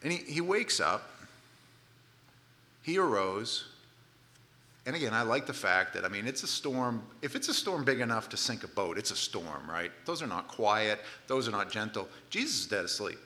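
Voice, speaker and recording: Bright-voiced man preaching a sermon. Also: on the low side, big pitch swings, moderate pace. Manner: conversational preaching with frequent restarts and stammered repeats; grows loud and emphatic at climaxes. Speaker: pastor.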